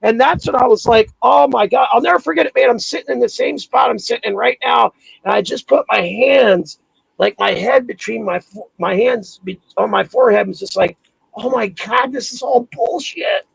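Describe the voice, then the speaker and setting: Man, high gravelly voice, husky, profane animated storyteller, dry sound. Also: a little fast, dry recording, rough recording. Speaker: podcast host. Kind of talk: casual chat.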